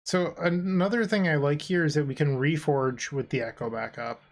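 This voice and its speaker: A tired, yawning man with a fairly high voice speaks at a moderate pace. He co-hosts and commentates a card game he's playing, making dry, sarcastic jokes in casual chat.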